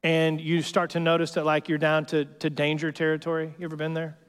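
A male pastor with a fairly high pitch preaches briskly, his delivery completely flat. Even so, the sermon is casual and joking, and he often checks in with the congregation by saying "right?" The recording has a long hall reverb.

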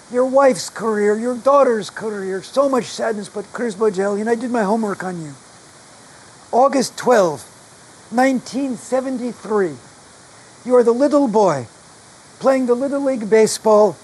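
A woman's voice: a little high, darkish tone, husky, low-quality recording. A man mimicking his middle-aged female voice therapist, a blunt former commando who lectures in choppy broken English.

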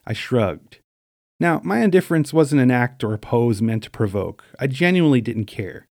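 A middle-aged man from Staten Island, New York, narrating his memoir in a dry, wry, deadpan way. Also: mid-range voice, normal speed, gravelly, no room sound.

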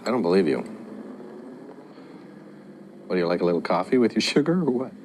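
An actor playing a gruff, brash, profane movie producer in a film clip. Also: male voice, deep voice, sing-song, fairly quick, darkish tone, a little hiss or hum. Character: gruff big-shot movie producer man.

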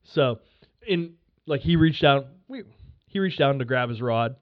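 A podcast host spinning a casual story, animated and swearing freely with lots of fillers. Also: male voice, medium pitch, unhurried, muffled recording.

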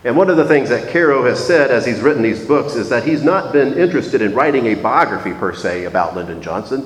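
A man preaching a reflective, measured sermon, slowing down to stress key phrases. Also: medium pitch, slight background noise. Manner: measured, reflective, slows for emphasis. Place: church sanctuary. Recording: echoey church hall.

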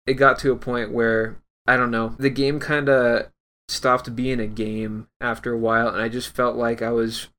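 A man on a game-review podcast with a dry, deadpan delivery. He spins absurd exaggerations as if they were plain facts. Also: mid-range voice, a little hiss or hum. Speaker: podcast co-host. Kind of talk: casual comedic chat.

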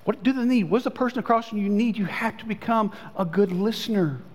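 A pastor preaching a sermon in a conversational way, his voice swinging between high and low. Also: fast talker. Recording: long hall reverb.

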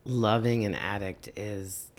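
A man talking earnestly in a casual conversation as a podcast guest, often halting and restarting his sentences. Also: lowish voice, fairly even intonation.

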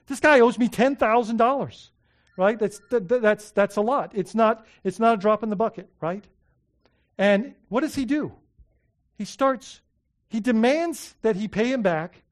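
Pastor guy preaching, lots of "right?", repeats words, gets loud then goes soft. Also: high-pitched. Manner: animated, repeats himself, asks the congregation rhetorical questions; shifts between loud emphasis and soft heartfelt asides. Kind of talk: sermon.

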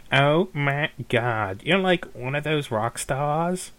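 A man's voice: fairly high pitch, expressive, slow, fairly bright tone. A man voicing a hassled, bored elf receptionist woman who talks curtly and dismissively. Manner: curt, dismissive, mock-polite.

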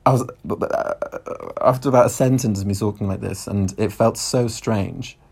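Chatty Scouse man, lowish voice. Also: normal speed, gravelly, darkish tone, husky. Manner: chatty, laughs often, swears casually. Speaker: podcast host. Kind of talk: casual storytelling monologue.

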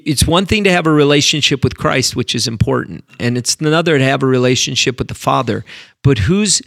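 A man, a pastor, telling a story about faith in an earnest, animated way, often repeating words as he builds up to a point. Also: mid-range voice, no echo, studio quality.

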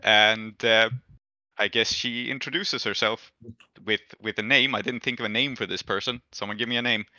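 A man's voice: lowish voice, steady tone, normal speed, bright, forceful tone, dry recording. A man narrating a tabletop game as game master, in a casual, hesitant way with many fillers. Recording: dull, lo-fi and dry.

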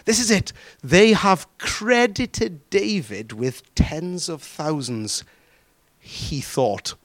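A man preaching a sermon, drawing out key words and throwing questions to the congregation. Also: high-pitched. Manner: animated, drawn-out emphatic phrasing with questions to the congregation.

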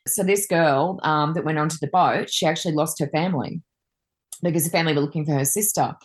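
A woman's voice: low voice, fast. A woman, a Reiki master and card reader, chatting casually and telling rambling anecdotes with many fillers.

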